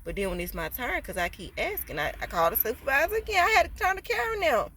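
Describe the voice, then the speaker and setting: A woman's voice: sits high, big pitch swings, fast talker. Profane, slangy woman telling a storytime. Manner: profane, slangy, rising to loud indignant rants. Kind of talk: casual storytime vlog.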